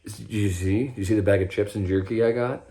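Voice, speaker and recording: Speaking fast in a steady, mellow voice on the low side, a young vlogger recounts his own recovery. His talk is casual and rambling, full of swearing, with sentences often cut off midway.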